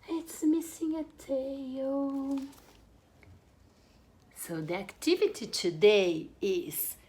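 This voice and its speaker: A young woman teaching English to small children online in a slow, sing-song, animated way. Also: on the high side. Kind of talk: online kids' English lesson.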